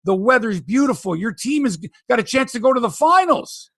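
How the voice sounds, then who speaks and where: A man hosting a sports podcast, ranting in animated, profane casual talk. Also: very high voice, a little fast, husky, dry recording.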